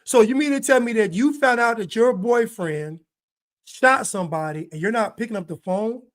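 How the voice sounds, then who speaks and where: A man's voice: sits high, normal speed, fairly bright tone. A man giving video commentary, hammering points with repeated rhetorical questions. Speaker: online commentator.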